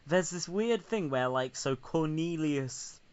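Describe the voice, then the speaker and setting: A man's voice: fairly high pitch, animated, takes it slowly, smooth. A man co-hosting a podcast, sarcastic and sweary in casual comedic chat. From Britain. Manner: sarcastic, sweary, mocking impressions. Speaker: podcast co-host. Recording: slightly dull lo-fi sound.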